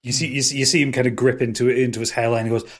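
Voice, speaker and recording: A man narrates a tabletop role-playing game as its game master. He rambles and trips over his words, restarting phrases often. His voice sits at an ordinary pitch. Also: flat delivery, rapid-fire.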